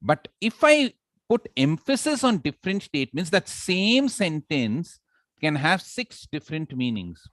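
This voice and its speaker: A man's voice: fairly high pitch, a little slow, dry recording. A man giving a public speaking workshop, playful and quizzing his audience as he demonstrates. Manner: lively, playful, talks to the audience with questions and demonstrations. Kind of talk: live workshop talk.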